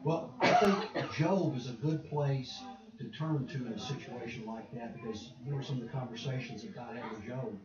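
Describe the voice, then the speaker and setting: A man of middle pitch answers in a thoughtful, measured way during a Bible class. His voice is far away and roomy. The sound is dull, with a group of people around him. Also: a loud crowd. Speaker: class member.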